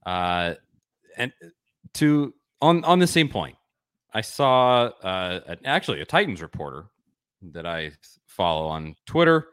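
A man's voice: low-pitched, big pitch swings, unhurried, fairly bright tone, clean tone, no echo, studio quality. A man hosting a sports podcast, chatting with enthusiasm and rambling a bit as he restarts his sentences. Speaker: podcast host. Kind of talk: casual sports chat.

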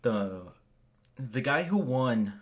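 An American man co-hosting a casual podcast, telling stories with halting restarts. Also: mid-range voice, expressive. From United States. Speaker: podcast co-host. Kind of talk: casual chat.

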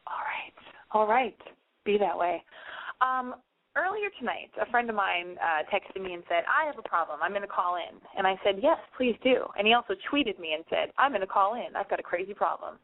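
A woman's voice: mid-range voice, animated, fairly quick. A woman hosting a casual call-in advice radio show, chatty and frank, swearing freely. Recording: dry, phone-like narrow band.

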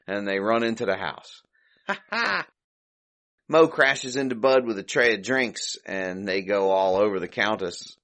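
A man's voice: lowish voice, lively intonation, unhurried, fairly bright tone. A man hosting a podcast, casually recapping an old comedy short, chuckling and thinking aloud as he goes. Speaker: podcast host.

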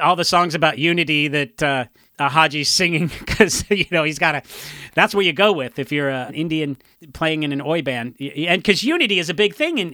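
A punk musician with a fairly high, sharp-toned voice chats casually about a song, his stories wandering with many restarts and filler words. The recording is studio quality with no echo.

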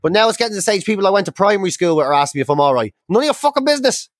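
A man's voice: high voice, animated, racing, dry recording, studio quality. A young man co-hosting a podcast, telling stories in a swearing, exasperated rant. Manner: sweary, ranting, exasperated storytelling. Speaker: podcast co-host. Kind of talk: casual chat.

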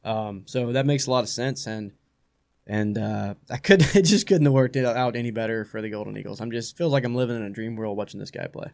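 A man with a creaky mid-range voice hosts a radio sports talk show from a studio, talking a little fast in a casual, rambling way and repeating himself as he gets excited.

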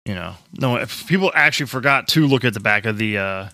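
A man's voice: medium pitch, lively intonation, quick pace, sharp tone, no echo. A man in casual podcast chat who rants with heavy swearing and laughs often. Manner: profane, ranting, laughs often.

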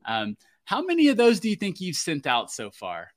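A man co-hosting a podcast, excitable and quick to laugh and swear in surprise. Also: high-pitched. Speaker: podcast co-host. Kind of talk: casual podcast interview.

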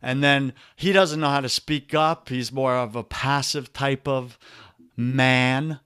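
A man's voice: medium pitch, steady tone, slow, a bit bright, smooth, dry recording, clean studio sound. A man with a New York accent, a guest on a podcast interview, coaching listeners in an emphatic, preachy way and calling them brother.

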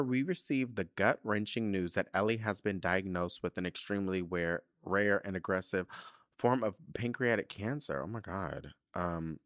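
A man's voice: fairly low pitch, fairly bright tone, no room sound, clean studio sound. A man hosting a podcast, reading out a listener letter and reacting with emotional, dramatic asides. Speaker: podcast host.

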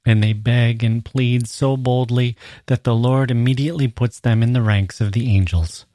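A man reading aloud as a gentle, solemn old monk elder, measured and steady. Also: mid-range voice, no room sound, studio quality, lightly acted. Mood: consoling.

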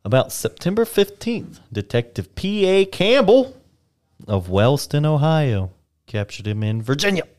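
A man's voice: a little high, sing-song, unhurried, a little mellow. A young man casually reading old newspaper history on a podcast, with playful asides and the odd put-on voice.

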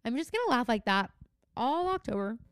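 A woman's voice: a little high, sing-song, a little fast, a bit bright, clean tone, no room sound. A young adult woman co-hosting a podcast in casual chat, rambling through a story with lots of "like" fillers and frequent laughs. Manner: chatty, heavy on "like" fillers, laughs often. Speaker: podcast co-host.

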